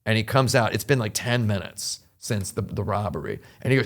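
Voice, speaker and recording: A man with a fairly low voice and a gravelly, fry-laden edge is hosting a show. He tells a long anecdote in a loose, chatty way. He often circles back and restarts his sentences as he goes. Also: fairly quick, hardly any pauses. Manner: rambling, animated anecdote with frequent restarts. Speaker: host. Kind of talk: casual storytelling chat.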